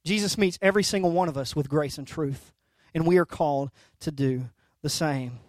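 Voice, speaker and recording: A man in his thirties preaching a sermon as a pastor, telling stories in an animated way that swings from soft to loud, and often checking in with "right?" and "okay?". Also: a little high, moderate pace, no room sound.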